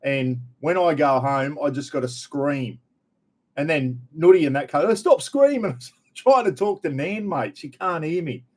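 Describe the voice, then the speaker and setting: A middle-aged Australian man with a fairly high, slightly slow voice hosts a casual live stream. He greets viewers one at a time in a friendly, chatty way, throwing around plenty of "g'day mate."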